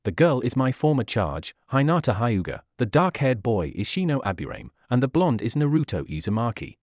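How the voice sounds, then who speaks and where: A man's voice: mid-range voice, sing-song, fairly quick, darkish tone, no echo, studio quality. A man reading aloud as a weary, exasperated adult woman ninja teacher in a fan story.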